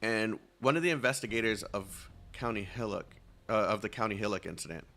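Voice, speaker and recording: Gravelly man rambling through game dialogue. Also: fairly low pitch, brisk, pushed and bright. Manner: rambling, self-mocking, stumbles over names. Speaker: streamer playing a game. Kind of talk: casual gameplay commentary, reading dialogue aloud.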